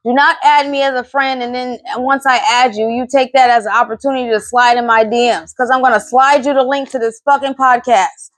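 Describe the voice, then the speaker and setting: A woman's voice: sits high, fairly even intonation, a little fast, few pauses, no room sound. A woman in her thirties hosting a solo podcast, ranting bluntly and with lots of swearing. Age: 30s. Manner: blunt, profane, exasperated ranting. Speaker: podcast host.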